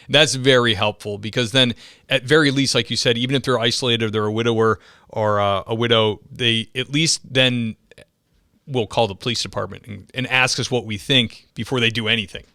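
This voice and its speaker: Lower-voiced man telling stories, dry sound. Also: brisk, no room sound. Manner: animated storyteller, acts out quotes. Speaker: podcast host, police officer. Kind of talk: casual podcast conversation.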